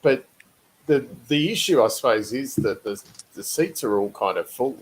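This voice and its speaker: Husky-voiced man chatting on a podcast. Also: mid-range voice, expressive, poor audio. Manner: chatty, laughs often, halting restarts. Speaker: podcast co-host. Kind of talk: casual chat.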